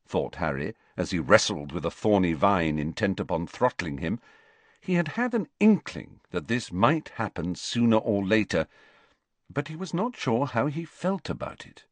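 Male audiobook reader, low and animated, dry close sound. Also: no room sound. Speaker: audiobook narrator. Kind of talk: audiobook narration.

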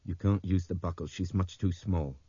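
A man's voice: sits low, fairly even intonation, moderate pace, warm tone, slightly rough, no room sound, dull audio, pitched above the performer's own voice. A man doing a clipped man in a crisis. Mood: calm.

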